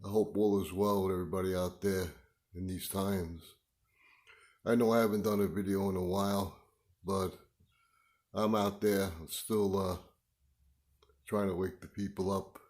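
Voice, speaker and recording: An older man vlogging, telling a story in a rambling, halting way full of fillers. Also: deep voice, little pitch movement, a little mellow. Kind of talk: casual storytelling monologue.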